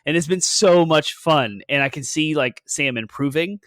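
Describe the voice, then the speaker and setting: A man's voice: fairly high pitch, moderate pace, a bit bright, no echo. A man in his thirties, a podcast co-host, telling a rambling story in casual chat, full of fillers.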